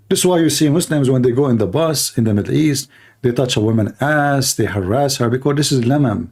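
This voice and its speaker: A man arguing in a heated livestream debate, challenging listeners in broken, non-standard English and clearing his throat often. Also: medium pitch, a little fast, a little mellow.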